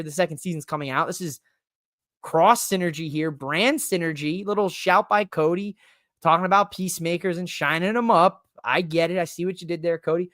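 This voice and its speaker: A man hosting a podcast, ranting casually about wrestling in an animated, profane, joking way. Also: sits high, no room sound, studio quality. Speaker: podcast host. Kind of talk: casual wrestling recap rant.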